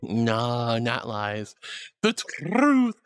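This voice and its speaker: A woman's voice: very deep voice, very animated, extremely slow. A woman streaming casually, reading chat messages aloud in a bubbly, affectionate way.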